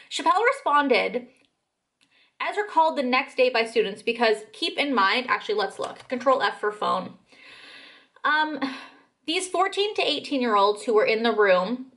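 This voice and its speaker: A woman's voice: a little high, a bit bright. A young adult woman giving a casual commentary vlog, blunt, swearing, with frequent "like" fillers. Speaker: commentary vlogger.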